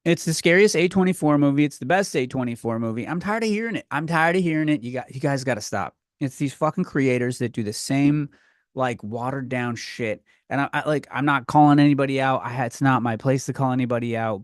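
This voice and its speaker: A young man hosting a comedy podcast, ranting in a rambling, profane way that swings between loud outbursts and muttering. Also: mid-range voice, fairly quick, no room sound, clean studio sound. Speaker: podcast host. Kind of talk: comedic rant.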